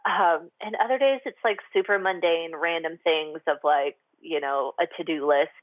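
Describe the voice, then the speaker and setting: A woman hosts her own radio show and talks frankly about her life in a loose, confessional way, full of "like" and "um". Her voice sits a little low. It comes over a narrow, phone-like line with a dry sound and no room echo. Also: normal speed. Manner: chatty and confessional, heavy with "like" and "um". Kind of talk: candid solo talk on a radio show.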